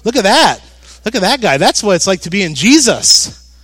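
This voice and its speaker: An excited jailed apostle bursts out in a raised, higher voice, eager and exclaiming as a preaching man puts him on. The sound is close and dry. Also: moderate pace, dry recording, full character voice.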